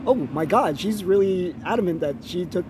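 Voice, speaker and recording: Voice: medium pitch, animated, normal speed, background noise. A podcast host in a casual chat, teasing the guest and laughing along.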